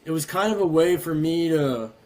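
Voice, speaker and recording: A young man answers as an interview guest, hesitant and quiet. His voice is mellow and dark. He sounds distant from the mic, like remote call audio. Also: a little high, moderate pace.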